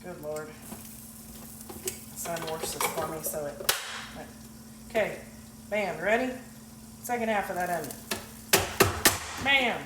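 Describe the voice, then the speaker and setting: A lowish, unhurried woman's voice, marked by long pauses, comes through a very noisy recording. She's a chatty home cook vlogger in an echoey kitchen, talking folksily and laughing easily while a pan sizzles loudly and she stirs on the stove.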